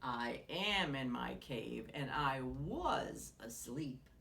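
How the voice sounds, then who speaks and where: A woman voicing a grumpy, sleepy bear who grumbles low and slow. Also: expressive, gravelly, fairly bright tone, reverberant, recorded from a distance, exaggerated voice.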